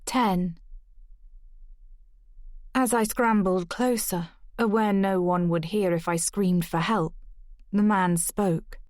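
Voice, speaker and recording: A woman narrating a first-person audiobook in a measured, even storytelling delivery. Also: medium pitch, no room sound, clean studio sound.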